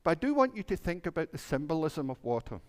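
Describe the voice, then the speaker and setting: Lively minister telling a story. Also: male voice, a little high, fast talker, clean tone. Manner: playful storyteller, acting out animal voices. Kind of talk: children's story in a church service.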